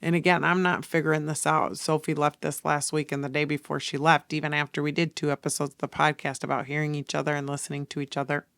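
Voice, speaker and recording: A woman's voice: deep voice, vocal fry, a bit bright, no echo, clean studio sound. A woman in her forties hosting a podcast, talking in an earnest, confessional way straight to her listeners. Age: 40s. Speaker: podcast host. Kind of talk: casual podcast monologue.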